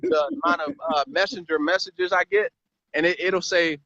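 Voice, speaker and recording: High-voiced man rambling on a live stream. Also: lively intonation, fairly quick, a bit bright, no room sound. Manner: rambling, repeats words, lots of "right?". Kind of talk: casual motivational chat. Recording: dry, slightly muffled live stream audio.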